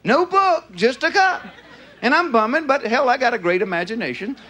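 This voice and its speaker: Southern man, stand-up comic, drawling storyteller, animated voice, faint audience noise behind him. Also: very high voice, normal speed, a faint crowd. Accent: Southern American. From American South. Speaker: stand-up comedian. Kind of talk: stand-up comedy routine. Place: theater stage with live audience. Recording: live show with audience noise.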